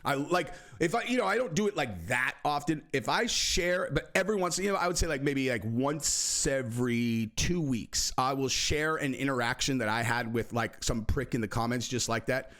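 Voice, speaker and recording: A man hosting a casual vlog, talking in an animated, profane, jokey way with many fillers. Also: mid-range voice, moderate pace, few pauses. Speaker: host.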